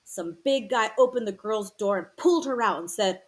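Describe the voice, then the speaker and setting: A woman's voice: mid-range voice, animated, normal speed, lightly acted. Woman voicing a scared, slangy teenage boy. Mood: tense. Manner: slangy, tense storytelling. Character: troubled teenage boy telling a painful story.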